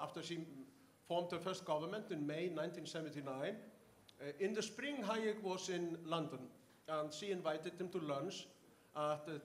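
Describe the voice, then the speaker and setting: An older man from Iceland, a professor telling anecdotes in an interview, halting with many fillers and restarts. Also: on the high side. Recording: echoey room, faint ambience.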